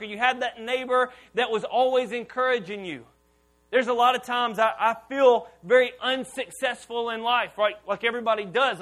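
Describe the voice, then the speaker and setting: A man in his thirties preaching a sermon as pastor to a church congregation, casual and animated, leading the room in call-and-response. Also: very high-pitched. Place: church auditorium before a congregation.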